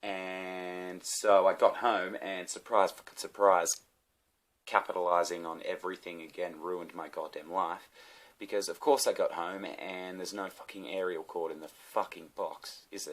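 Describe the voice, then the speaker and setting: A man's voice: low voice, steady tone, moderate pace, a bit bright. A man with an Australian accent, ranting and rambling casually to camera, swearing a lot. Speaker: vlogger.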